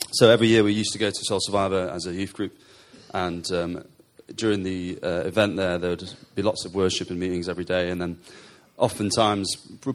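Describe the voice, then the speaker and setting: A man telling his faith story to a church congregation, hesitant and searching for words. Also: low-pitched. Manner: hesitant, with fillers and restarts. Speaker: church member giving testimony. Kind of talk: personal testimony.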